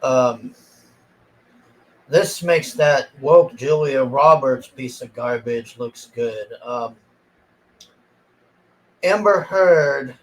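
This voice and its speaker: A man's voice: medium pitch, a little hiss or hum, poor audio. A man ranting casually and sarcastically about a movie he disliked, exasperated and swearing freely. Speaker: movie reviewer.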